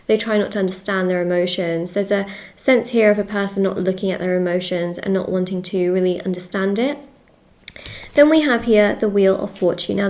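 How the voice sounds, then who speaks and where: A woman's voice: medium pitch, darkish tone. A woman reads tarot cards casually to her viewers. She talks in a chatty, looping way, repeating her points and checking in often. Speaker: tarot reader. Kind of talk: casual tarot reading to camera.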